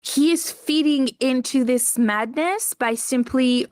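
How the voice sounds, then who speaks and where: A woman with a fairly high voice co-hosts a podcast in a chatty, casual way. She often chimes in with quick agreement. The sound is dry and close-miked. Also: a little mellow, no room sound. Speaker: podcast co-host. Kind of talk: casual chat.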